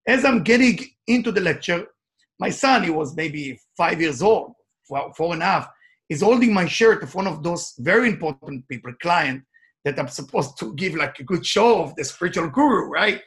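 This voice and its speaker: Male life coach, high voice, emphatic motivational storyteller, non-native English phrasing. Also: animated, normal speed, fairly bright tone. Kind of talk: motivational talk with personal stories.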